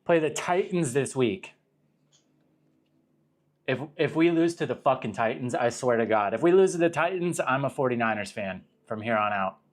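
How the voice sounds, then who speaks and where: A man's voice: medium pitch, animated, moderate pace. Rambling, swearing young man from Arizona. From Arizona, USA. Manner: rambling, profane, self-interrupting. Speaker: livestream host. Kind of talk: casual livestream chat.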